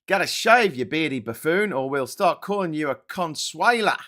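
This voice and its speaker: A man's voice: on the high side, animated, normal speed, bright, forceful tone, voice pushed up. A man reading out a chat comment in a put-on Australian accent, voicing a jeering male heckler.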